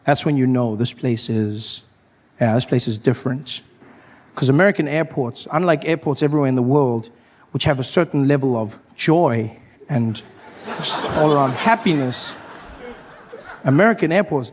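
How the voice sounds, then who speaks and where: A man performing a stand-up comedy routine, animated, slipping into shouted high voices for the characters he acts out.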